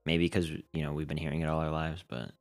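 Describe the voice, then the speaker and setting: A man's voice: extremely low pitch, little pitch movement, fairly quick, soft background music. A young man from the American South co-hosting a podcast, talking casually and joking around. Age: young adult. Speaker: podcast co-host. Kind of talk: casual chat.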